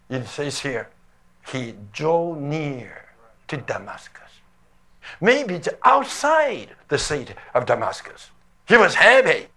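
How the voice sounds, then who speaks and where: An older male preacher tells a story with dramatic emphasis, leaning hard on key words. His voice sits high and sounds bright and sharp. He speaks slowly and deliberately. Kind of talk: sermon, played from an archive recording.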